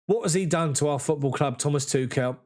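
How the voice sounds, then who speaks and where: Excited fan commentating live. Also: male voice, on the high side, a little fast. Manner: excited, emotional, partisan.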